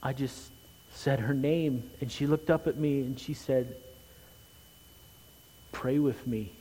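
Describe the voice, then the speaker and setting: A man preaching a sermon as pastor, earnest, rising loud and quick for emphasis, then dropping low and quiet. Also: steady tone, slightly rough. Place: church sanctuary. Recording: long hall reverb.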